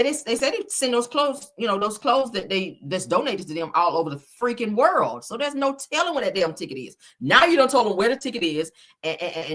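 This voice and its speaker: Here the host's mid-range voice sounds pushed and bright. She runs a laid-back chat, reading out live comments dramatically and cheekily, cursing freely and addressing viewers as "baby" and "child."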